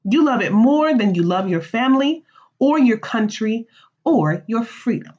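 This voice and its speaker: A woman's voice: on the high side, lively intonation, measured pace, dark tone. A woman reading the part of a determined colonial woman making demands, in a slightly muffled recording.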